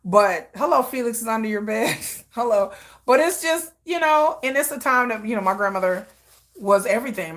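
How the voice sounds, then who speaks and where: A woman's voice: on the high side, a little fast, a bit bright. Middle-aged woman, hosting a livestream, rambling and laughing through a story. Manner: rambling, laughs often, acts out quoted voices. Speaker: livestream host. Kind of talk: casual storytelling chat.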